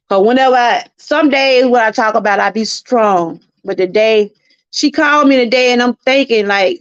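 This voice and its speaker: Middle-aged Southern woman, high voice, earnest preachy live-stream testimony, dry muffled lo-fi sound. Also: normal speed, dry recording. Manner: earnest, preachy, repeats herself, talks to chat. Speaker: channel host.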